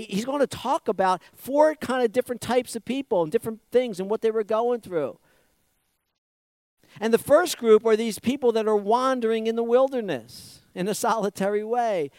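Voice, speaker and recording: A man with a notably high voice preaches in an easy, conversational way. He repeats phrases, asks the congregation questions and drops to a near murmur before rising again. The sound is close and dry, with no room around it. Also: dry recording. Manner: repetitive, rhetorical questions, swings from loud to hushed. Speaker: pastor. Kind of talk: conversational sermon.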